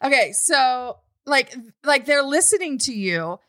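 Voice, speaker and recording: A woman in her forties co-hosts a podcast from a remote call, talking in a casual, dramatic way full of exclamations and laughter. Her voice sits high and bright, with lively swoops in pitch. The sound is dry and close. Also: unhurried, no room sound. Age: 40s. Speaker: podcast co-host. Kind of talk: casual chat.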